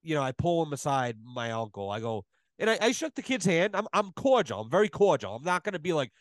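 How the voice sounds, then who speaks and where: Podcast guest, male, slightly high voice, dry close sound, swears constantly and tells stories with emphasis. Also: very animated, quick pace, no echo. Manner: profane, emphatic storytelling. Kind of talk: casual podcast chat.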